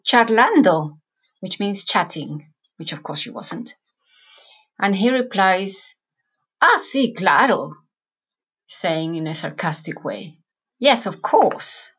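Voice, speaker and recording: Husky-voiced woman teaching Spanish phrases. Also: mid-range voice, fairly bright tone. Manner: clear explanatory, repeats phrases slowly. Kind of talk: scripted language lesson narration.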